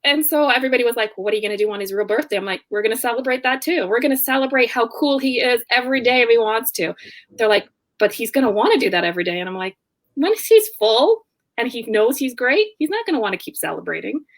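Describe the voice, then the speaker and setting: A young woman tells stories in a relaxed interview, slightly high-pitched and lively. She plays out both sides of each conversation, and laughs often as she goes. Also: quick pace. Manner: laughs often while talking. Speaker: guest, online business owner. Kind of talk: casual interview storytelling.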